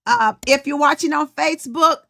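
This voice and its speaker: A woman's voice: high voice, normal speed, gravelly, pushed and bright. A middle-aged woman hosting a podcast livestream in casual chat, greeting viewers by name. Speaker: podcast host and coach.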